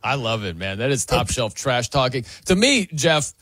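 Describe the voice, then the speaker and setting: A man hosting a sports radio show, energetic and upbeat as he introduces segments and banters with co-hosts. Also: medium pitch, normal speed, no echo, studio quality. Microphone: studio microphone.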